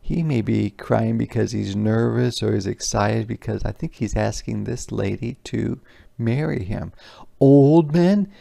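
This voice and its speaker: Guy reading a kids book out loud, stops to explain words, kind of gravelly voice. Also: fairly low pitch, steady tone, a little slow. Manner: reads a line, then explains words and pictures simply; puts gentle emphasis on the words he reads aloud. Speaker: teacher. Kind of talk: interactive picture-book read-aloud for young children.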